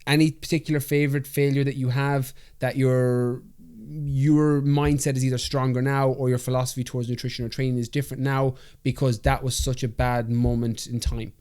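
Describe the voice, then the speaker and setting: A man's voice: mid-range voice, little pitch movement, fairly quick, few pauses, a little mellow, clean tone. A man hosting a podcast, asking questions and encouraging his guest with short affirmations. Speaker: podcast host. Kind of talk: interview conversation.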